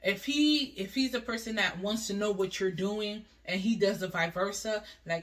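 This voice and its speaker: A woman's voice: mid-range voice, normal speed, hardly any pauses. A woman vlogger giving relationship advice in a casual, chatty way, often checking in with "you know what I mean" as she talks it through. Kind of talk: casual advice talk to camera. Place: bathroom. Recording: voice a bit far from the mic.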